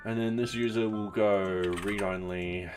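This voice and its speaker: A man live-streaming his coding work, thinking aloud and narrating each step as he tests his software in a relaxed, offhand way. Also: lowish voice, measured pace, soft background music. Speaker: software developer streaming his open source project.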